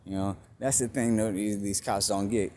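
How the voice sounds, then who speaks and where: Low-voiced man telling a story outdoors. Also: moderate pace. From California. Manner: animated retelling, acts out both sides of dialogue, swears. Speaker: vlogger. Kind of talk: casual storytelling to camera. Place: outdoors at a store parking lot. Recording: noisy outdoor recording with passing traffic.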